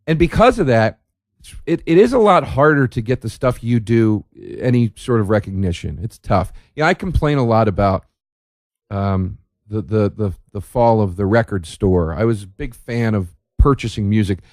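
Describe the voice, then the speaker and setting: A man's voice: fairly low pitch, animated, normal speed, a little mellow, no echo, studio quality. A man hosting a solo comedic podcast, speaking in a sardonic, profane, rambling way full of restarts. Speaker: podcast host. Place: indoor room by a window.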